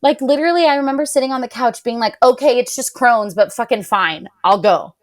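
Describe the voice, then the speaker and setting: Animated young woman telling her story. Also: a little high, a little fast. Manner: animated, heavy use of "like", quotes others in raised voice. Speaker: podcast guest, patient advocate. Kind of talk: emotional personal storytelling.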